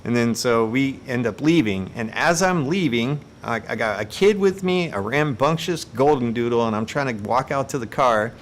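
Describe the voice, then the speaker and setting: A man chats on his live stream in a mid-range voice, spinning everyday mishaps into comic stories. His delivery is animated and self-mocking, with laughs slipping in between lines. A faint low rumble sits under the voice. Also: normal speed, few pauses. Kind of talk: casual storytelling on a live stream.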